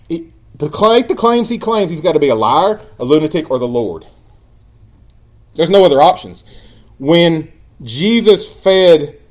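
A man preaching a sermon as pastor, earnest and emphatic, dropping at times into quiet asides. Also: mid-range voice.

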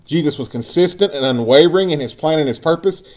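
A man's voice: a little high, animated, quick pace, a little mellow. A man preaching a sermon, building emphasis and speaking directly to his congregation. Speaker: pastor.

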